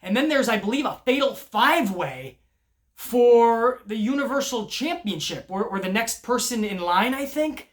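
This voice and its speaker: A man talking off the cuff about wrestling in a vlog, swearing freely. He rambles, restarts his sentences and jumps from point to point in loose, animated talk. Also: extremely high pitch, normal speed. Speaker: wrestling commentary vlogger. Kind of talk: casual unscripted vlog commentary.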